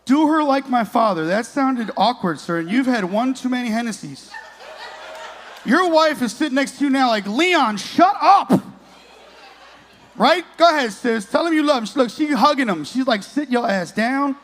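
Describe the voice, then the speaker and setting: A man's voice: very high-pitched, expressive, fairly quick, a bit bright, slight background noise. A man in his late thirties doing a profane stand-up comedy set on a club stage, teasing the crowd. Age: 30s.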